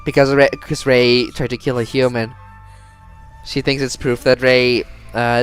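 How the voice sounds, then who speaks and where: A woman's voice: rumbling low, flat delivery, unhurried, clear, resonant tone, faint music behind. A young woman streaming a story game, reading the text aloud and reacting with swearing and laughter. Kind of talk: game playthrough commentary.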